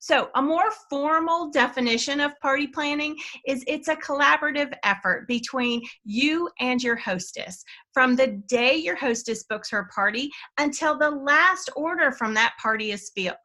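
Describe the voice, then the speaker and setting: A woman's voice: high-pitched, moderate pace, few pauses, bright, forceful tone. A middle-aged woman with a Southern accent hosting a sales training session, enthusiastic and chatty, laughing at her own slips. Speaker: sales trainer, webinar co-host. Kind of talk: upbeat training talk with personal stories.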